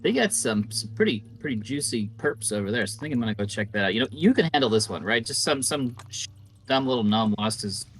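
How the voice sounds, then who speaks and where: A man's voice: mid-range voice, expressive, fast, breathy edge. A man voicing a laid-back woman police officer who talks in an offhand, drawling, rambling way. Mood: dismissive. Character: laid-back woman cop, bored and dismissive.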